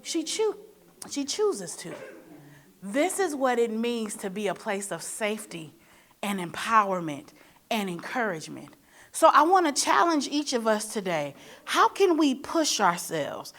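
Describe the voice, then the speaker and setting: A woman's voice: fairly high pitch, big pitch swings, unhurried, fairly bright tone. A woman from Michigan moderating a forum, speaking in a preacher-like way with rhetorical questions and playful storytelling asides. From Michigan, USA. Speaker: panel moderator. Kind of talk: motivational forum speech.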